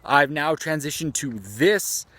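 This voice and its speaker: A man's voice: on the high side, expressive, slow pace, sharp tone, no echo. A man vlogging outdoors at dusk, talking into a phone held at arm's length in a chatty, rambling, self-deprecating way. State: a little out of breath. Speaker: gaming YouTuber. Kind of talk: casual vlog talk to camera. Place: outdoors at dusk, near trees.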